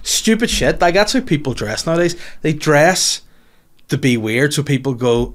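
A man in his mid-thirties with a Northern Irish accent, hosting his own podcast as a comedian. He rambles through casual stories, swears freely and keeps things jokey. His pitch sits in the middle of the male range. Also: a little fast. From Northern Ireland. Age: 30s. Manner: sweary, rambling, jokey, slips into mocking voices. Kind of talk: casual solo podcast monologue.

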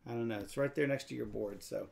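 A man's voice: medium pitch, quick pace, gravelly, a little mellow. A man co-hosting a casual board game live stream, musing over his moves and playfully slipping into jokey voices. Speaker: co-host and fellow player.

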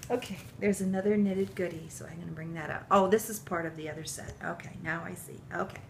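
A middle-aged woman unboxing handmade baby clothes for her video channel, gushing and tearful, often dropping to a breathy whisper. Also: lowish voice, fairly even intonation, quick pace, a little hiss or hum. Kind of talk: emotional unboxing chat to camera.

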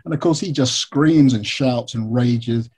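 An English man, a biographer being interviewed, telling stories candidly in a relaxed, rambling way. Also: mid-range voice, unhurried, breathy edge. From England. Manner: candid, storytelling, frequent fillers. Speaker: biographer and author guest. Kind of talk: conversational interview answers.

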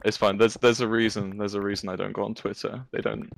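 A young British man streaming a game, excitable and stammering, laughing often. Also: fairly low pitch, fast talker, vocal fry, dry recording. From United Kingdom. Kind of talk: casual gaming chat.

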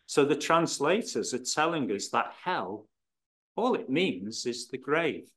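A man explaining scripture in a measured teaching style, stressing key words as he goes. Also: medium pitch, sing-song, a bit bright. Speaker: Bible teacher.

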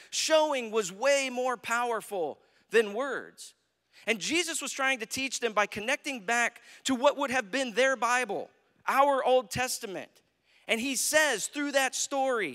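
A man's voice: extremely high pitch, sharp tone. A man with an American accent preaching a sermon, telling a Bible story and acting out its quotes. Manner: storytelling preacher, acts out quotes, asks "right?". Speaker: pastor. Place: church sanctuary. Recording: long hall reverb.

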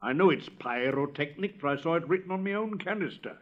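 A man's voice: a little high, animated, a little fast, close to an everyday voice. A touchy little Bengal light, prickly and matter-of-fact. A man voices it on a dull, old storybook recording. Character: touchy, self-assured Bengal light firework.

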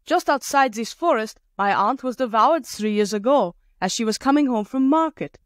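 A woman reader puts on an unflappable peasant woman in a storybook, pitched brighter and higher than the narration. She sounds calm and matter-of-fact, stretching her words as she haggles. The recording is dry and close. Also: normal speed, dry recording, close to an everyday voice. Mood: calm, shrewd.

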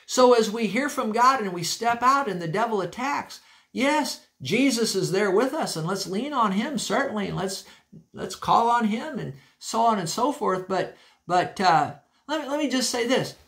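A man's voice: sits high, expressive, moderate pace, creaky, a bit bright. A male pastor preaching a sermon in a church, emphatic and folksy, repeating key phrases and restarting sentences.

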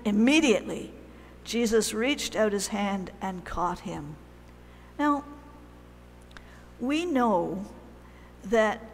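A woman preaching a sermon in a church, telling the story in a conversational, animated way with pauses. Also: mid-range voice, long reverb tail, a little hiss or hum.

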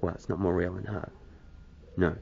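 A man's voice: low-pitched, level tone, normal speed, gravelly, dull audio, background noise. A man rambling hesitantly to camera in a casual vlog, self-deprecating, smoking as he talks. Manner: smoking a cigarette while talking. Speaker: video blogger.

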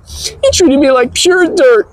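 A man putting on a falsetto voice to play a whiny, lovesick young Gen Z woman in a comedic live-stream sketch, with giggles and a whining delivery. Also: slow pace, no room sound, rough recording.

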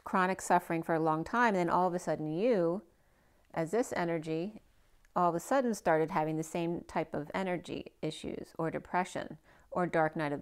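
A woman reading tarot cards aloud in a casual way, thinking out loud and asking the cards questions as she goes, her voice a little hoarse. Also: fairly low pitch. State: a bit hoarse, losing her voice. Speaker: tarot card reader.

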